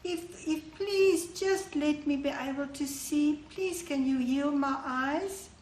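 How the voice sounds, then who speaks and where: A desperate blind man cries out again and again for help, his voice pushed high and strained. A woman acts him out in a children's story. The sound rings in a roomy hall with a faint hum. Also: takes it slowly, darkish tone, distant mic. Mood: begging. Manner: pleading, raised and insistent.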